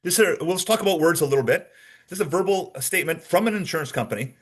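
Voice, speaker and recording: A man's voice: on the high side, expressive, fast, slightly rough. A man giving a training lecture with slides as a behavioral analysis trainer, conversational and demonstrative, often checking in with his audience.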